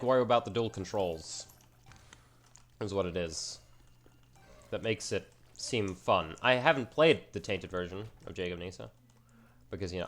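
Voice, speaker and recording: Low-voiced man rambling over gameplay. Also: a bit bright. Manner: rambling and self-mocking, with casual slang. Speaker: gaming channel host. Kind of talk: casual gameplay commentary.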